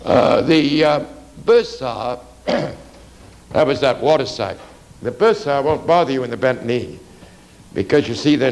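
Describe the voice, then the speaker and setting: A man giving an art anatomy lecture while drawing, halting with many "you see" asides and dry remarks to the class. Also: medium pitch, gravelly, rough recording.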